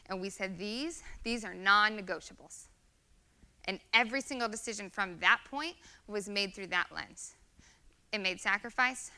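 A woman's voice: mid-range voice, sharp tone, clear, resonant tone. A woman in her thirties giving an earnest, conversational sermon with many fillers. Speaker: guest speaker.

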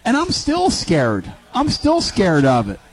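An excitable man from Philadelphia runs a sports talk radio show and hypes up his guests. His voice sits a little high. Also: slow pace, a little hiss or hum, poor audio.

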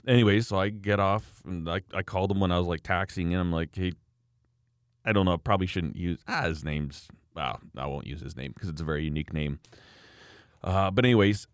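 A man's voice: low-pitched, smooth, no echo, clean studio sound. A man in his thirties telling a story in casual chat, laughing often and acting out quotes.

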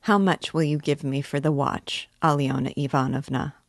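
A woman's voice: low voice, normal speed, vocal fry, no echo, studio quality. A woman reading a novel aloud, voicing a poor, troubled young man who is tense and secretive, muttering his thoughts.

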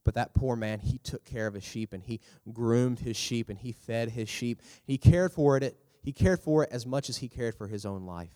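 Guy preaching to teens, jumps up loud when he acts out the story, long echo off a big hall. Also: moderate pace, hardly any pauses. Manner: animated, acts out characters with big pitch jumps. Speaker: youth pastor. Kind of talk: youth sermon.

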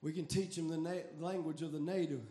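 A man preaching a fiery revival sermon, shouting in a chanting cadence. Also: on the high side, steady tone, fairly quick.

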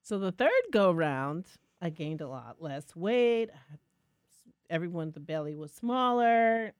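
A woman co-hosting a podcast, telling a lively personal story in a casual, self-mocking way. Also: on the low side, takes it slowly, clear, resonant tone, no room sound, clean studio sound. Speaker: podcast co-host.

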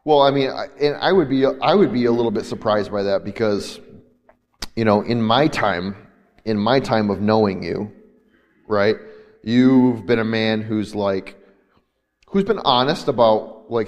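A man's voice: on the low side, unhurried, long reverb tail. A man interviewing a guest for a faith-based conversation, asking long, searching questions full of fillers.

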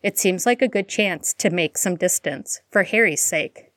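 A woman's voice: fairly low pitch, a little slow, fairly bright tone, no room sound, clean studio sound. A woman playing a worried, coaxing mother. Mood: pleading. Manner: hesitant, then earnest and coaxing.

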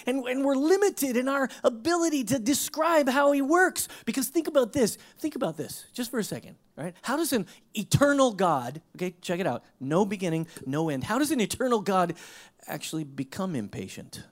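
Animated pastor swinging loud to hushed. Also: male voice, moderate pace. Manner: animated, swinging from emphatic bursts to hushed low asides; conversational, with rhetorical questions and restarts. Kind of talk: sermon.

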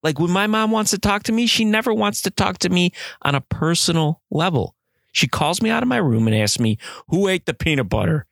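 Exasperated teen griping about a parent, read out by a man, voice pushed up high, dry sound. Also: a bit bright, no room sound. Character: frustrated adolescent complaining about a parent.

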